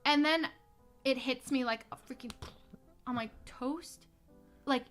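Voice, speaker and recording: A young woman with a high, bright-pitched voice tells a story in casual chat. She's animated and keeps slipping into quoted voices. Faint music plays behind her. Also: slow. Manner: animated, acts out others' lines. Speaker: streamer telling a story.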